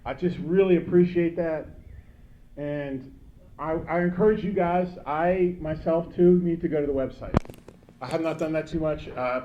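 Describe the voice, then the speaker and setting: A man's voice: fairly high pitch, darkish tone. A man in his fifties giving a rambling, joking banquet speech, calling out to people in the crowd. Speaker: banquet speaker.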